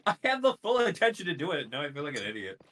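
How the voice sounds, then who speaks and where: A man's voice: fairly high pitch, very fast, a little hiss or hum. A man chatting casually over voice chat while gaming, telling a story at his own expense. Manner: animated, self-mocking storytelling. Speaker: friend on voice chat.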